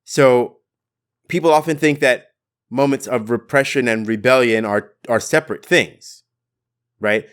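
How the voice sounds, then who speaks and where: A man's voice: mid-range voice, smooth. A man hosting his own podcast, giving an impassioned political monologue in a blunt, fervent way, swearing now and then for emphasis. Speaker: podcast host.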